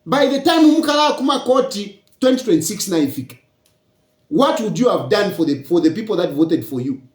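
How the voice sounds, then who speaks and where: A man's voice: high-pitched, very animated, brisk, reverberant. A man with a Zambian accent, a politician giving a public address and lecturing his rivals with rhetorical questions.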